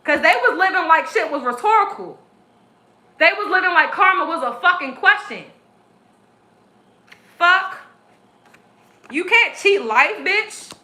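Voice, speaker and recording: A woman's voice: very high-pitched, expressive, unhurried, long pauses, pushed and bright. A woman tarot reader on a live stream, ranting in an aggressive, profane, preachy way. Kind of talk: live-stream spiritual rant. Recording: echoey room.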